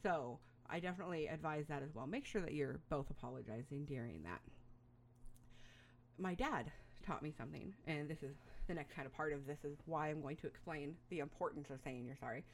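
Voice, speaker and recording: A woman's voice: sits low, expressive, a little fast, a little hiss or hum. A middle-aged woman giving parenting advice in a casual monologue, rambling and chatty, with frequent fillers and small laughs.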